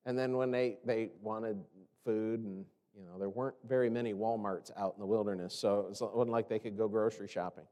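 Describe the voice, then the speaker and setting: A man's voice: fairly low pitch, fairly even intonation, a little fast, warm tone, in a large hall. A man preaching a sermon in a conversational way, asking rhetorical questions and acting out the complaints he quotes. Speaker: pastor.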